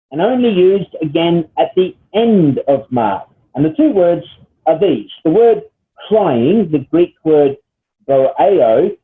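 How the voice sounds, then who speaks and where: A man teaching a Bible study lesson, explaining step by step and often checking in with "all right?" and "okay?". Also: sits high. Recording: tinny phone-like sound.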